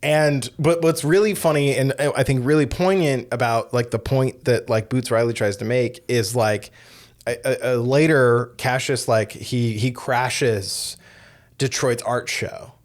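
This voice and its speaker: A man co-hosting a podcast, talking casually about films with lots of fillers and quick tag questions. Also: mid-range voice, fairly even intonation. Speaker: podcast co-host. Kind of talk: casual film discussion.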